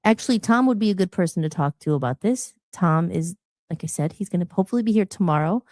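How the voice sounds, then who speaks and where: A woman's voice: lowish voice, expressive, quick pace, dark tone, no room sound, clean studio sound. A woman hosting a live podcast, chatting casually and openly, rambling and often restarting her sentences. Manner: rambling, chatty, self-interrupting. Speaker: podcast host. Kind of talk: casual live-show chat.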